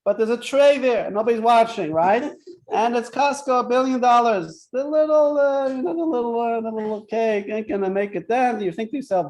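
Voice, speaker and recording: High, mellow male teacher, chatty and joking, always checking "right?". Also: moderate pace. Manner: chatty, keeps asking "right?", tells jokes. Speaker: Torah class teacher. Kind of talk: interactive classroom lesson.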